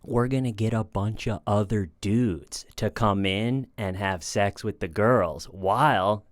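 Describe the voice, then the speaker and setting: A man putting on the voice of a boastful music mogul who pitches a plan in a hyped-up, conspiratorial way. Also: a little slow, no echo, clean studio sound, natural voice. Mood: gleeful.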